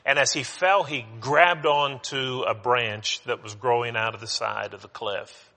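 Bright, forceful preacher in a reverberant hall. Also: male voice, medium pitch, fairly even intonation, a little slow. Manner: conversational, with frequent restarts and fillers. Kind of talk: sermon.

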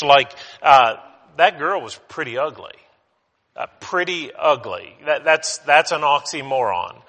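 A man's voice: medium pitch, sharp tone. A male preacher giving a conversational sermon. He restarts his sentences often and leans on fillers. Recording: long hall reverb.

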